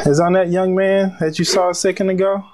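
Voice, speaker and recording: A man preaching a sermon in a conversational way, with pauses, restarts and drawn-out emphasis. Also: high-pitched, flat delivery, heavy background noise. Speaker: pastor.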